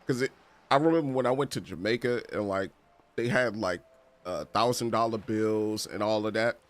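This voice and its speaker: A man's voice: on the low side, moderate pace, no room sound. A man streaming a game playthrough, chatting casually in slang, laughing often and reading game text aloud. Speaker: gaming streamer. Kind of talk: casual let's-play commentary.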